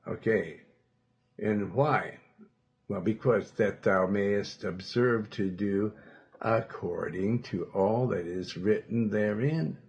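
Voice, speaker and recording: Emphatic preacher man, gravelly and slow. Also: lowish voice, dull audio. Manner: emphatic preaching, with sudden loud bursts; quotes scripture in old-fashioned wording. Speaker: pastor. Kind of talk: sermon.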